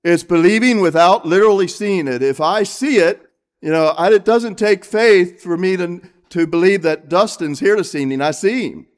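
High-voiced earnest preacher. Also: male voice, normal speed. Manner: earnest, asks the congregation questions. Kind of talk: sermon. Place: church, evening service.

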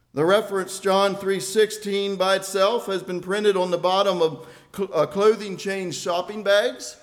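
A man preaching a sermon in an earnest, deliberate way, repeating key phrases for weight. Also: high-pitched.

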